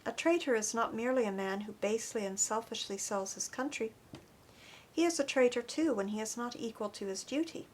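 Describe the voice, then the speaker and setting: A woman reading an audiobook chapter in an earnest, expressive narration. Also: on the high side, fairly quick, slight background noise. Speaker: audiobook reader. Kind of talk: scripted narration.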